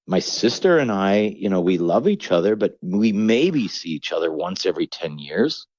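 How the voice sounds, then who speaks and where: Low-voiced reflective middle-aged man. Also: big pitch swings, normal speed, darkish tone, no echo, muffled recording. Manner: reflective, rambling, acts out quoted voices. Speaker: comedian guest. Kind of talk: candid podcast conversation.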